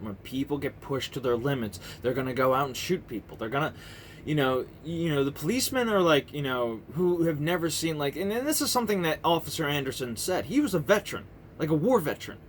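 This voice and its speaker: A man in his thirties rants into a camera mic, heated and profane, circling back and restarting his sentences. His voice sits a bit high for a man and swings widely in pitch as he gets worked up. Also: expressive, brisk, slight background noise. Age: 30s. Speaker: vlogger. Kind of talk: ranting political monologue to camera.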